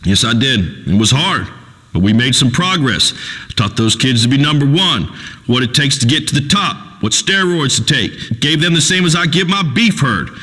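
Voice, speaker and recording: A man's voice: mid-range voice, animated, moderate pace, sharp tone, in a large hall. An actor playing a crude, preachy rural male talk radio host who rambles and pontificates in a folksy way. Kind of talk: radio call-in show acting.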